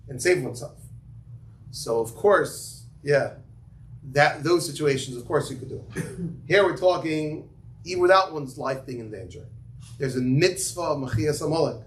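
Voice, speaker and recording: A man leads a relaxed Torah class and tells stories loosely, with many asides and Yiddish and Hebrew terms. The room is echoey, and a faint hum of ambient noise sits under his voice. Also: mid-range voice. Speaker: yeshiva teacher giving a class. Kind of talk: casual Torah class with students.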